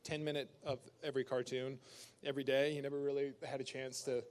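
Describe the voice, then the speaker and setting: A Canadian actor telling stories at a fan convention Q&A, casual and animated, acting out quotes and laughing. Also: male voice, mid-range voice, quick pace. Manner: animated storyteller who acts out quotes and laughs. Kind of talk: casual storytelling Q&A. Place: convention panel room.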